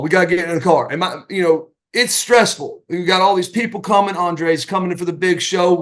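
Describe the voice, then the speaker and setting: A middle-aged man, a retired wrestler and podcast guest, telling stories in a casual, animated way, acting out the voices of the people in them. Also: a little high. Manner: animated anecdotes, acting out quoted voices, many restarts. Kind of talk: casual storytelling.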